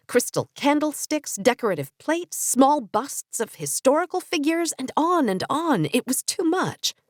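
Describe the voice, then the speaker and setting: A woman narrating a fantasy audiobook in first person, expressive storytelling. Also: mid-range voice, dry recording, studio quality.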